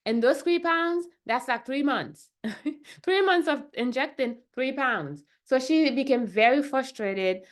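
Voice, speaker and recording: A woman's voice: high voice, slow. A woman who is a functional medicine doctor, talking casually to the camera in a chatty way and often checking in with "right?" and "okay?".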